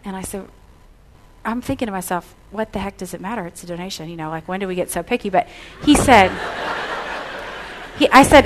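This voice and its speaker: A woman's voice: mid-range voice, fairly quick, a little hiss or hum. A middle-aged woman preaching to a gathering, weaving a long anecdote into her message. She brings the story to life by playing out the back-and-forth of the conversations, then settles into earnest exhortation. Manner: animated storyteller, acts out dialogue. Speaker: speaker. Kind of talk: storytelling sermon.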